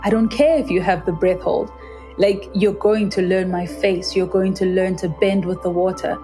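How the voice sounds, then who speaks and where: A South African woman in her thirties speaks with an earnest, vivid storytelling manner, a freediver recalling her time in the water. Her pitch sits in the middle range, and faint music runs softly underneath. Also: fairly even intonation, normal speed. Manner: earnest and vivid, acts out quoted voices in a higher pitch. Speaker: freediver, guest. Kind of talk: reflective interview storytelling.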